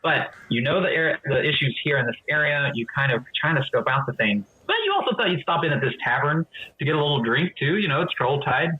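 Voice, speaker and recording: A man's voice: a little high, quick pace, breathy edge. Laid-back male game master. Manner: relaxed, with many fillers and hedges. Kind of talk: narrating a tabletop game. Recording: dull lo-fi audio.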